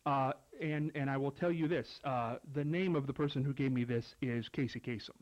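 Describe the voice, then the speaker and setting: A man hosting an interview show, friendly and a bit halting as he asks questions. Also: medium pitch, muffled recording. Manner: friendly, hesitant with fillers. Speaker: host. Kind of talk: casual interview.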